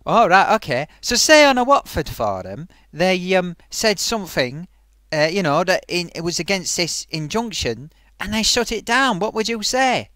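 Lively, rambling man vlogging. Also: high voice, moderate pace, dry recording, clean studio sound. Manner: rambling, with many ums and restarts. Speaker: vlogger host. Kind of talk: casual comedy vlog chat.

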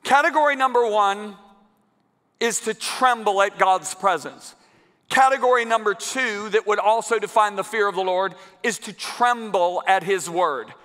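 A man preaching a sermon to a congregation in a large church, emphatic and building to loud climaxes. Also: high voice, unhurried. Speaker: guest preacher. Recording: long church hall reverb.

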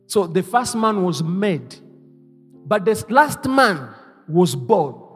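High-voiced, animated male pastor preaching. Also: slow, breathy edge, faint music behind. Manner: call-and-response preaching, leading the congregation to repeat lines; swings between hushed asides and loud exclamations. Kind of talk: sermon. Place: church hall. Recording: reverberant church hall.

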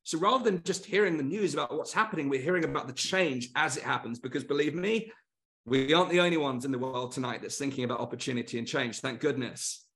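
A man's voice: mid-range voice, fast, fairly bright tone, slight background noise. A middle-aged man hosting a motivational webinar, speaking earnestly and stressing points through repeated short lists. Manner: earnest, repetitive emphatic lists. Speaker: webinar host.

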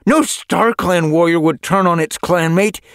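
A man's voice: high voice, measured pace, a bit bright, dry recording, clean studio sound, voice pushed up. A man voicing a young tom cat warrior in an audiobook, urgent and indignant. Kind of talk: audiobook character voice.

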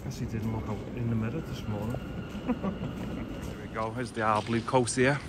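A man's voice: on the low side, steady tone, fast talker. A man with a Liverpool accent giving a chatty, blunt walking tour commentary outdoors as a vlogger. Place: outdoors on city streets. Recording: street traffic noise behind.

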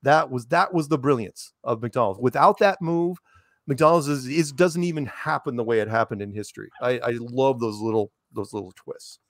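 A middle-aged man with a soothing, low voice chats in a rambling, storytelling way, slipping into quoted voices as he goes. He sits close to the mic on a video call with a dry, dead sound. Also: normal speed, no echo. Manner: rambling storyteller, animated quoting. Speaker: show host. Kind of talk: casual interview chat.

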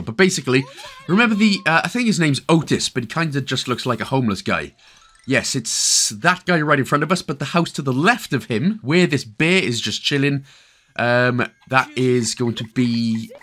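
A man's voice: medium pitch, a bit bright. A man from Wales with a Welsh accent, giving a chatty, jokey game walkthrough full of rambling asides. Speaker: gaming video host. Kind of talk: casual game walkthrough commentary.

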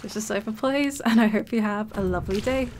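A woman's voice: mid-range voice, a little fast, a little mellow. A woman casually commentating her own gameplay, chatty and giggly with plenty of self-mocking asides. She talks straight to her viewers over faint background noise. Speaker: let's play host.

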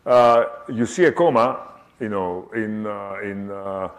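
An older man lectures in a slightly low voice. He stops and restarts often, fills pauses with "uh", and keeps asking his listeners "okay?". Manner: halting, many fillers and restarts, checks understanding with "okay?". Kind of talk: academic talk. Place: lecture hall.

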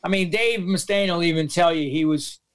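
High-voiced, animated New York storyteller. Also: male voice, moderate pace. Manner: profane, animated storyteller acting out quoted voices. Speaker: guest. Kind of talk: storytelling in a podcast interview.

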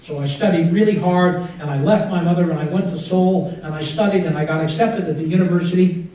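A man preaching a sermon as a pastor, telling a story in an earnest way and dropping to a hushed prayer. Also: high-pitched, fairly quick, recorded from a distance. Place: church sanctuary. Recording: very echoey church from off-mic.

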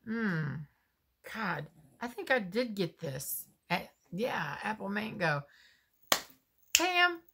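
A woman's voice: mid-range voice, animated, a bit bright, a little hiss or hum. A woman, chatting casually as she unboxes homemade soap and muses aloud. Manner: slow, chatty, musing aloud.

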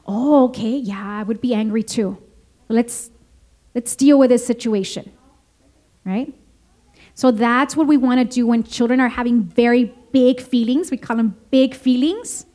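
High-voiced woman presenting to parents. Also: a little slow, long pauses. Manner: lively, engaging, asks the audience questions. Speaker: parenting workshop speaker. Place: school meeting room with audience.

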